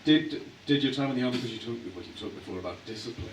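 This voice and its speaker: A man's voice: medium pitch, very fast. A man interviewing an actor on stage, asking conversational, prompting questions. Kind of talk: on-stage interview before a live audience. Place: hall at a public event. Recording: echoey hall from a distance, audible noise.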